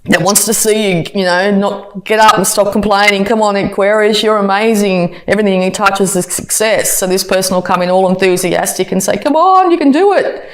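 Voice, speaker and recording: A woman's voice: medium pitch, little pitch movement, brisk, hardly any pauses. A woman giving a casual tarot reading, chatty and full of fillers and restarts. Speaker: tarot reader.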